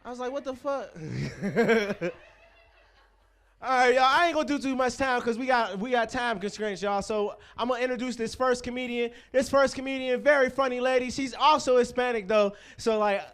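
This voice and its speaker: High-voiced young comedy host. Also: male voice, normal speed, a bit bright. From Pittsburgh, USA. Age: 20s. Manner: loose, profane, crowd-teasing banter. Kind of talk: stand-up comedy hosting.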